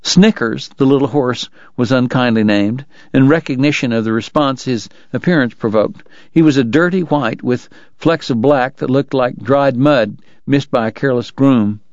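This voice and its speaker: A man narrating a novel in a steady, measured storytelling voice. The sound is close and dry, with a slightly dull, muffled top end. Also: medium pitch, no echo. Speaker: audiobook narrator. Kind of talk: scripted narration.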